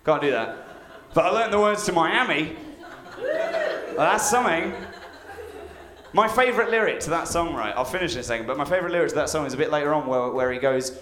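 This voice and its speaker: A man's voice: a little high, very animated, brisk, crowd noise. Playful man doing stand-up. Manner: playful, self-mocking, bursts into rap. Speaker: stand-up comedian. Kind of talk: stand-up comedy set. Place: comedy venue with live audience. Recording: roomy venue with backing music.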